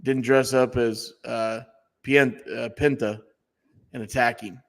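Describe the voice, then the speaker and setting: A man's voice: mid-range voice, flat delivery, takes it slowly, creaky. A man co-hosting a wrestling podcast, talking bluntly and swearing freely in casual chat. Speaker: podcast co-host. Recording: long echoey reverb.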